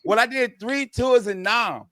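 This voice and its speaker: A man's voice: extremely high pitch, a little slow, pushed and bright, dry recording, clean studio sound. A man in his forties from North Carolina, a comedian guest spinning brash boastful tall tales in streetwise slang on a comedy radio show. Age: 40s.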